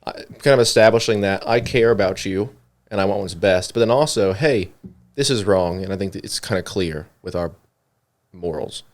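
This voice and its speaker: A man's voice: sits low, brisk. A young man co-hosting a church podcast, chatting casually with lots of fillers and putting questions to his co-host. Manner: conversational, many fillers, asks questions.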